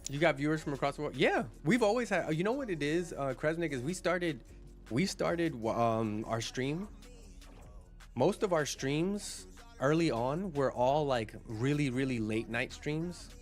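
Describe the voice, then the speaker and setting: A man's voice: fairly high pitch, lively intonation, unhurried. Chatty male streamer over faint music. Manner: chatty, reads chat aloud, frequent restarts. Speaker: livestreamer. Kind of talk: casual chat with viewers.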